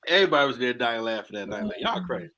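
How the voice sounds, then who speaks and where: A man's voice: medium pitch, rapid-fire. A man hosting a talk show, telling a funny personal story and acting out the dialogue in casual slang. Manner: animated, acts out dialogue in slang. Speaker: host.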